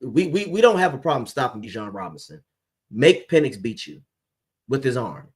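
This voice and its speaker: A man's voice: medium pitch, big pitch swings, normal speed, slightly rough. A man hosting a live sports fan stream, making emphatic game predictions and calling his co-host by name.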